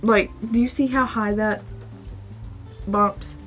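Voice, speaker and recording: A woman's voice: medium pitch, fairly even intonation, slow pace, fairly bright tone. A young woman in her twenties talking casually to camera in a personal vlog, confiding and emotional. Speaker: vlogger. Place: store aisle, indoors. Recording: faint background music.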